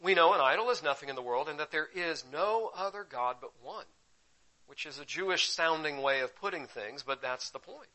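Guy preaching, bright kinda high voice, gets loud then real quiet, teaching mode. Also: moderate pace, low-quality recording. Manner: animated teaching, leaps between loud emphasis and quiet asides. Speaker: pastor. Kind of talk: sermon.

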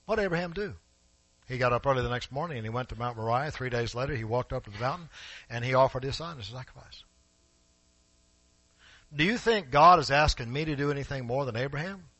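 A man preaching a sermon in a church, emphatic and rising to forceful peaks, speaking directly to his congregation. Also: medium pitch, lively intonation, fast talker, dry recording, poor audio. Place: church sanctuary.

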